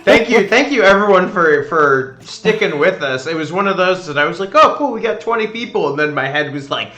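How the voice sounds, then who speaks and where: A chatty man hosts a let's-play stream with casual gameplay commentary and laughs often. His bright voice sits fairly high and echoes in a roomy space. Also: brisk, highs cut off.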